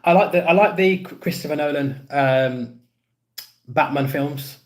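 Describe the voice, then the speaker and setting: A man's voice: a little high, measured pace. A man hosting a casual podcast live stream, rambling and repeating himself as he answers chat comments. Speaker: podcast host.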